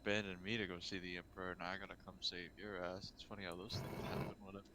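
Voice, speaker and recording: A man's voice: sits low, flat delivery, rapid-fire, very noisy, pitched below the performer's own voice, natural voice. A man voicing a messy, sardonic young fighter who mutters his complaints.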